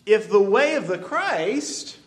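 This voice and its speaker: Slow-preaching man with a high voice. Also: big pitch swings. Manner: deliberate preaching with emphatic slowed phrases. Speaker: pastor. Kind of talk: sermon.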